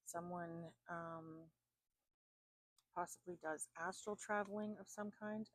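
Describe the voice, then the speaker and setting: A woman's voice: fairly low pitch, dry recording. A woman giving a chatty oracle card reading, thinking aloud with fillers and restarts. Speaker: tarot card reader.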